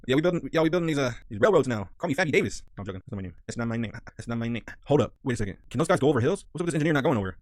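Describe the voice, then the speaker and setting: Male gaming creator, mid pitch, talks very fast to his viewers, hyped and slangy, dry close mic. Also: expressive, very noisy. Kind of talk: casual gameplay commentary.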